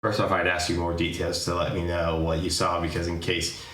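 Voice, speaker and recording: A man's voice: deep voice, completely flat delivery, fairly quick, a bit bright. A man hosting a podcast, telling a story in a chatty way with hedges and jokes. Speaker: podcast host. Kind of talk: casual chat. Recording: echoey room.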